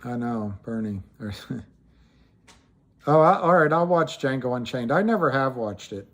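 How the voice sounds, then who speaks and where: A man's voice: medium pitch, expressive, a little slow, a bit bright. A man hosting a casual livestream, rambling with frequent restarts and trailing thoughts, and greeting viewers by name as he answers them. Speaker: livestream host.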